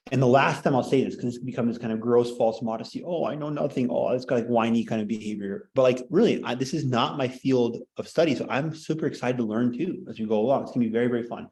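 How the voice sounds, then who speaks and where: A man's voice: medium pitch, quick pace, darkish tone, a little hiss or hum, poor audio. A man teaching a class in casual lecture style, rambling and joking, heavy on filler words, in a classroom.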